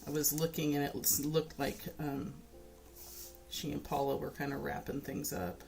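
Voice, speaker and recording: A woman's voice: low-pitched, flat delivery, normal speed, creaky, a little mellow, soft background music. A woman chatting casually on a livestream while painting, talking to her viewers and fussing over her dog. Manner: chatty, talks baby-talk to her dog.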